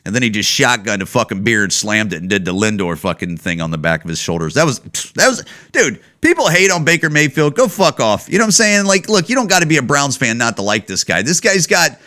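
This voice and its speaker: A podcast host from Chicago rants casually in a brisk, mid-range voice. He's animated and swears a lot throughout.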